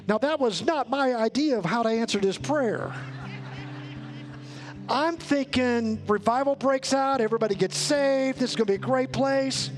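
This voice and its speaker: A man with a notably high voice preaches to his congregation, earnest and rising to emphatic peaks as he tells a story. Soft guitar plays faintly beneath him in the sanctuary. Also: animated, moderate pace. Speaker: pastor. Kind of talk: sermon with storytelling. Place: church sanctuary.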